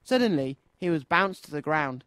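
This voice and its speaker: Expressive man reading a children's story. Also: on the high side, moderate pace, clean tone, dry recording. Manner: expressive, sing-song. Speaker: children's radio presenter.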